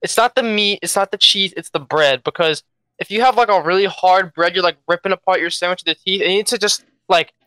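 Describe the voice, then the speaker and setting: Young man, Philadelphia accent, jet-lagged, laid-back, repeats words, bright crisp voice. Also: sits high, brisk, dry recording. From Philadelphia, USA. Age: young adult. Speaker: esports player guest. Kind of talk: casual interview answers.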